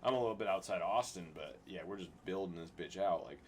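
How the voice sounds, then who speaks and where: Profane, ranting man, lowish voice. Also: fast. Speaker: podcast guest. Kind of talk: casual chat. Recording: faint background noise.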